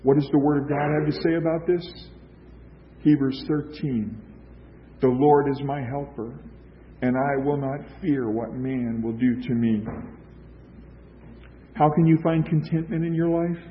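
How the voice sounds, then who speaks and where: A man's voice: medium pitch, steady tone, a little slow, pauses often, a little hiss or hum. Man preaching on a dull recording. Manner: emphatic preaching with rhetorical questions and repetition. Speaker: pastor. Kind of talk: sermon.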